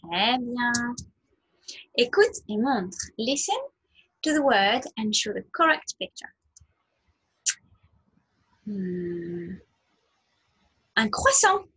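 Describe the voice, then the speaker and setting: Woman, nursery language teacher, fairly high and very lively voice, slow sing-song delivery. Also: husky. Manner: slow, sing-song modelling of words for small children. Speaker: French teacher.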